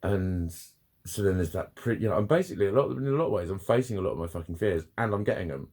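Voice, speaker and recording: A man's voice: deep voice, lively intonation, fast, darkish tone. A man venting in a rambling, sweary, self-critical vlog. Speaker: vlogger. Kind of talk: casual confessional vlog.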